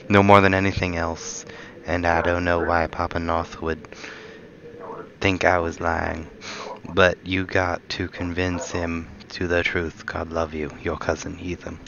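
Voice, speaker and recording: A man reading a letter aloud in a put-on American Southern accent, quiet and halting. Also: sits low, creaky, lo-fi sound, noisy background.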